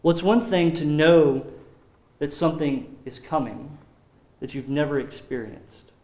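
Man, pastor, sermon, earnest measured delivery, slightly high voice, echoey room. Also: a little mellow. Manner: earnest, measured preaching with solemn drops in volume. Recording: roomy echo.

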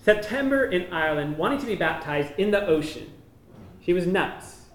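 A missionary man giving an informal slideshow talk, explaining each photo in a relaxed, conversational way. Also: sits high, moderate pace. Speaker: missionary presenting to a church. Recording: echoey room.

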